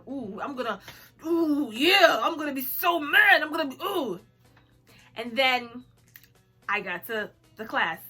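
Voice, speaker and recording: Young woman vlogger, high and bright, dramatic storyteller who laughs a lot. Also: slightly rough. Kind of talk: storytime chat.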